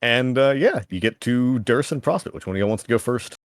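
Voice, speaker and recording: Brief: male game master, very animated, dry close mic, casual and laughing. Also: medium pitch, a little fast, dry recording. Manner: casual, laughing, swears freely. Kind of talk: narrating a tabletop game.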